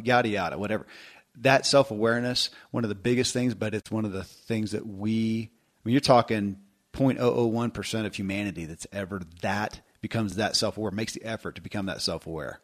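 Speaking briskly in a fairly low, steady voice, a middle-aged podcast host chats casually, rambling, putting himself down, and restarting his sentences often.

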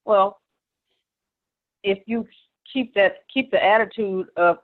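A woman's voice: medium pitch, slow pace, pauses often. Brief: motivational woman, emphatic coaching delivery, phone-quality audio. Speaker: group call participant. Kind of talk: motivational casual talk. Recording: tinny phone-line audio.

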